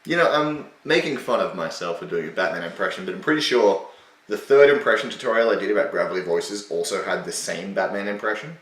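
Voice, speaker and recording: A man's voice: fairly low pitch, expressive, fast, fairly bright tone, reverberant, far from the mic. A man hosting a casual, self-mocking commentary on his own old video, sarcastic and swearing freely.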